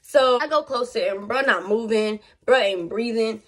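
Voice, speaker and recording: A young woman telling a storytime on her vlog in casual slang, animated and chatty with her viewers. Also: a little high, moderate pace. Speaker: vlogger.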